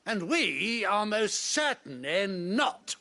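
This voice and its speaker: A man's voice: high-pitched, sing-song, takes it slowly, pushed and bright, heavily acted. An actor playing an arrogant, cruel nobleman in a video game, with a haughty, theatrical, sneering delivery. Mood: haughty outrage. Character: arrogant cruel nobleman, middle-aged man.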